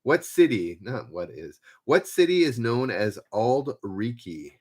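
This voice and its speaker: A man runs a trivia game on a live stream, laid-back and poking fun at himself, and he repeats every question while reading viewers' guesses aloud. His voice sits at a medium pitch and he never rushes.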